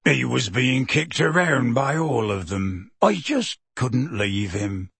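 Gentle giant, deep and rough, slow and pleading, a man putting him on, audiobook, dry sound. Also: animated, no room sound, full character voice. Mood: anxious. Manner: hushed, slow, earnest pleading. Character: huge gentle half-giant man, tearful and anxious. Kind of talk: audiobook character voice.

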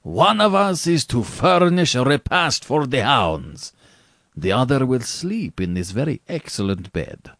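A man's voice: mid-range voice, sing-song, a little slow, fairly bright tone, no room sound, studio quality, voice pushed up, exaggerated voice. A man voicing a suave, mocking older aristocratic general with a grand, theatrical and gleefully menacing manner in an audiobook. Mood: gleeful challenge. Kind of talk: audiobook character reading.

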